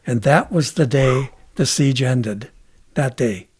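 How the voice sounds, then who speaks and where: An older man from Minnesota, a guest telling war stories in a halting, earnest way, with many restarts and "you know"s. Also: mid-range voice, darkish tone, breathy edge. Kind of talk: casual interview storytelling.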